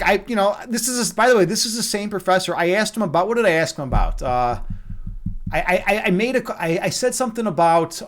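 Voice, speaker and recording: A man hosting a livestream in casual chat, excitable and swearing often, repeating his phrases as he talks. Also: high-pitched. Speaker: livestream host.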